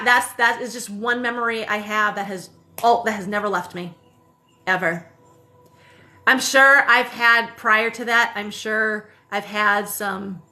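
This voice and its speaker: A woman's voice: mid-range voice, bright, forceful tone. A woman in her thirties hosting a casual livestream, telling a personal story in a rambling way, full of fillers and self-corrections, with casual swearing. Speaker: spiritual livestream host. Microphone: phone livestream.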